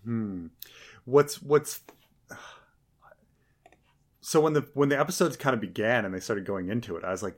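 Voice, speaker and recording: A man's voice: medium pitch, moderate pace, long pauses. A man co-hosting a casual review podcast, rambling and sarcastic, with frequent stammers and restarts. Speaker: podcast co-host.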